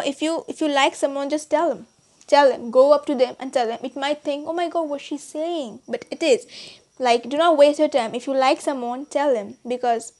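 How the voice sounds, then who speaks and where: A channel host, a woman with a high voice whose first language is Bengali, chats casually in a vlog. Her speech is halting and hesitant, full of restarts and fillers.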